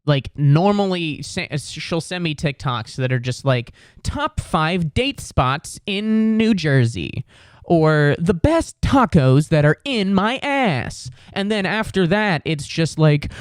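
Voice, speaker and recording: This podcast host's voice is a little high and animated, and he takes his time. A young man on a comedy show, he rants sarcastically and with exasperation, swearing and adopting put-on voices for quoted people, all captured in studio quality with a clean tone and no echo.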